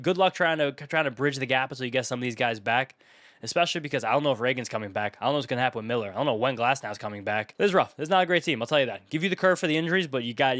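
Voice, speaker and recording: A young man hosting his own channel, casually commentating as he grades viewers' fantasy baseball teams, riffing quickly through lists of player names. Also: medium pitch, a bit bright, no echo. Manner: rapid, chatty, riffing off a list of names.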